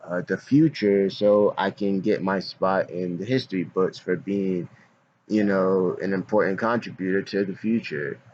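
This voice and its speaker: A man's voice: sits low, a little slow, darkish tone, muffled recording, a little hiss or hum. A man rambling in a casual vlog monologue, slangy and self-mocking, often breaking into laughs. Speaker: vlogger.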